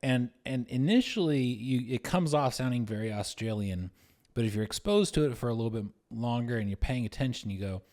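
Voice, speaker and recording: A man's voice: medium pitch, expressive, a little fast, a little mellow. Give me a thoughtful, hesitant man co-hosting a laid-back podcast. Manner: hesitant, restarts often, thoughtful. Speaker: podcast co-host. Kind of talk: casual chat.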